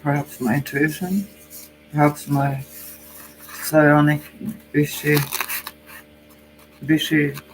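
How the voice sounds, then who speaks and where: A man with a Norwegian accent and a cold gives a tarot reading. He speaks slowly in a fairly high voice, pausing and thinking aloud, with a faint hum behind him. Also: monotone. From Norway. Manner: musing, hesitant, thinks aloud. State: has a cold. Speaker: psychic channel host.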